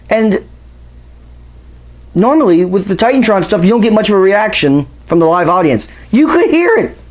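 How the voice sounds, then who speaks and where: A man hosting a wrestling channel, ranting in a casual, exasperated and profane way with bursts of sarcasm. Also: sits high. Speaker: wrestling commentary host.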